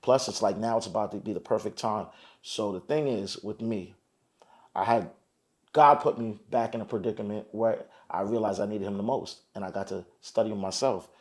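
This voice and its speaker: A young man from New Jersey chatting as a podcast guest, streetwise and animated, often asking "you feel me" and acting out the lines he quotes. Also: on the low side, moderate pace. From Teaneck, New Jersey. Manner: animated storyteller, acts out quotes. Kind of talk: casual chat.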